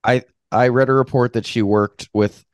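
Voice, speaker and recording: A man's voice: medium pitch, steady tone, moderate pace, clear, resonant tone, no room sound. A man co-hosting a wrestling podcast, giving rambling, opinionated takes with casual swearing. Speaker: podcast co-host.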